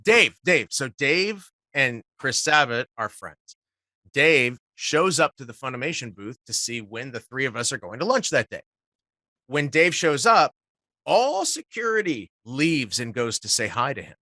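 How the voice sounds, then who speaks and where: Guy telling wild con stories, bright tense voice, dry close sound. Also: mid-range voice, big pitch swings, a little slow, no echo. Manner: swears casually, acts out quotes. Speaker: guest voice actor. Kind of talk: animated storytelling.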